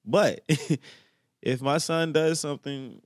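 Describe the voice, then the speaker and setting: A man giving slangy, reflective casual reaction commentary, often clearing his throat. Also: fairly high pitch, slow pace, no echo, clean studio sound.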